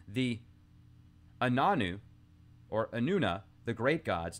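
Guy with an average pitched voice rambling on his podcast, reading old texts and going off on tangents. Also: animated, normal speed. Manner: rambling, musing aloud with asides. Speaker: podcast host. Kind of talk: casual monologue, reading ancient texts aloud.

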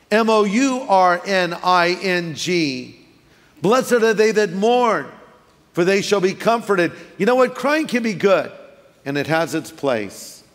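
A middle-aged man preaching a sermon as a pastor, telling lively stories and briefly acting out voices for effect. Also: high voice. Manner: animated storytelling, acting out quick voices for effect. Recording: long reverb of a large hall.

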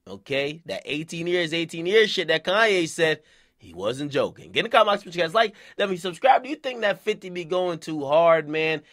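A man's voice: on the high side, a little fast, no echo, studio quality. A young man giving a casual, profane, slang-heavy rant about celebrity gossip for his channel. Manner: animated, profane, slangy street talk. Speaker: YouTube commentator.

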